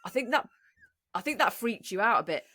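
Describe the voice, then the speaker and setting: A woman's voice: medium pitch, animated, a little fast, pushed and bright. A woman co-hosting a comedy podcast in casual, playful chat. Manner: playful, giggly, fumbling for words. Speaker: podcast co-host.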